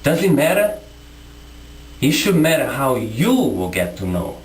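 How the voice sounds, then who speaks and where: Male vlogger, combative rant to camera, lively swinging pitch, echoey room. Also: a little slow, a little hiss or hum. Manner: confrontational, repetitive, rhetorical questions. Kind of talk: impassioned monologue to camera.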